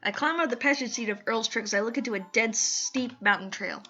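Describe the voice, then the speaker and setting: A woman hosting a let's play, reading a visual novel aloud with expressive, giggly asides. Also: a little high, fast. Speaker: let's play host reading a dating sim. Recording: slightly muffled, faint music behind.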